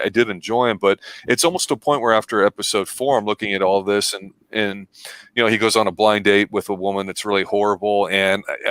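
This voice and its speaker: A man co-hosting a casual TV review chat, speaking in a measured, thoughtful way. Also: fairly low pitch, fairly bright tone, dry recording. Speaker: co-host reviewing a TV show.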